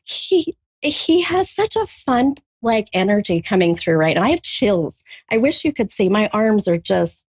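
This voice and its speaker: A woman doing a psychic reading for a caller, halting with many ums, then bursting into gushing excitement. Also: medium pitch, breathy edge, no echo, muffled recording. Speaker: psychic medium. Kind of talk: live spirit reading with a caller.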